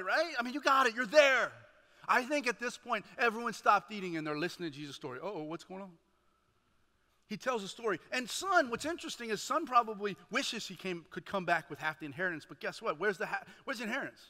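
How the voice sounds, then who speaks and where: A male chaplain preaches with lots of energy and keeps checking in with his listeners. His voice sits high and bright, almost sharp. Long reverb from the church hall trails after each phrase. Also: fairly quick. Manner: animated, calls to the congregation with "right?". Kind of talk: energetic sermon retelling a parable. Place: church sanctuary.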